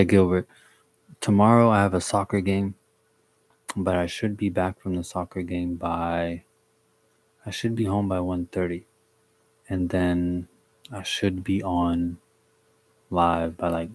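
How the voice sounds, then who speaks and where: A young man from the DC, Maryland and Virginia area chats on a live stream, telling a long story in a relaxed, slangy way. His voice sits low and stays fairly flat. He breaks off now and then to greet viewers by name. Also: takes it slowly, pauses often. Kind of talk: casual storytelling on a livestream.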